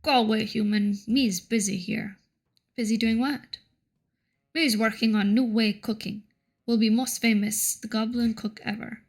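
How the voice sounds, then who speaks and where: A woman's voice: a little high, fairly even intonation, measured pace. Mud Knuckles, a woman doing a goblin cook. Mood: boastful. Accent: Russian-tinged. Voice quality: broken grammar, third-person self-reference. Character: male goblin cook, boastful, crude broken speech.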